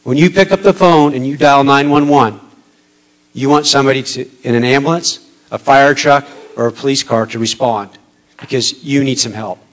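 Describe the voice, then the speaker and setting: A man giving a candidate's statement at a debate, halting with many pauses and earnest, at times emotional. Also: medium pitch, low-quality recording. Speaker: political candidate.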